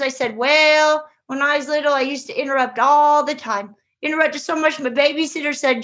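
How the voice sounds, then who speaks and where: A woman's voice: high voice, brisk, a bit bright. A woman who writes children's books, telling her story as an interview guest and acting out the voices in it. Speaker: children's book author.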